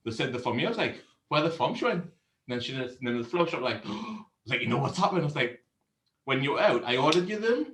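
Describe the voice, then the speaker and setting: He's a fast talker with a mid-range voice, recorded roughly with a roomy sound. Co-hosting a casual beer review show, he animatedly tells a story, swearing plenty and laughing frequently.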